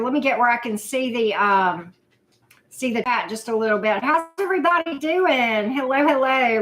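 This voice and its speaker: A woman's voice: on the high side, moderate pace, a bit bright. Chatty woman greeting her chat. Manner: chatty, greets viewers by name, scattered and self-deprecating. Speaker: livestream host. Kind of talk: casual live chat.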